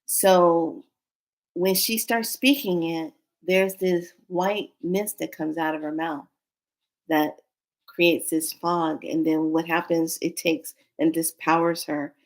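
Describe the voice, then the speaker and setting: A woman telling a dream story in a casual, unhurried monologue, acting out the voices she quotes. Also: fairly low pitch, steady tone. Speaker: spiritual storyteller.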